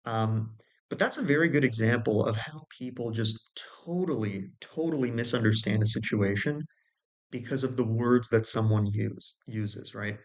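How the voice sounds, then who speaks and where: A man's voice: medium pitch, normal speed. A man explaining communication in a casual, conversational way, often restarting phrases and checking in with listeners. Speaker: video host.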